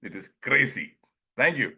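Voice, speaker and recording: Medium in pitch, this man's voice is very animated, creaky, bright, forceful and slightly rough. He's an Indian presenter with an Indian English accent leading a relaxed online group talk on pronunciation, often chuckling, acting out dialogues and drawling words slowly.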